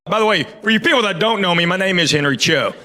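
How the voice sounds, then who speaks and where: A middle-aged man from Tennessee with a Southern accent, doing a deadpan stand-up comedy set. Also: high voice, fast talker, over music. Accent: East Tennessee Southern. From Knoxville, Tennessee, US. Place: theater stage before a live audience. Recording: echoey live venue with audience noise.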